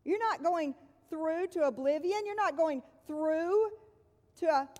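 A woman preaching to her congregation in a high, unhurried voice, weighing each phrase. She often drops into a soft, hushed tone to land a point. Her words ring out with a long reverb from a large hall. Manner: measured, dropping to soft hushed tones for emphasis. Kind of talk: sermon.

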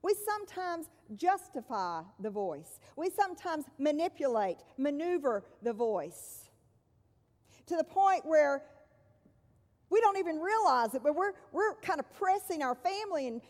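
Woman preacher, sermon delivery, slow and measured with hushed emphasis; long hall reverb. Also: very high-pitched, very animated. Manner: measured, dropping to soft hushed tones for emphasis.

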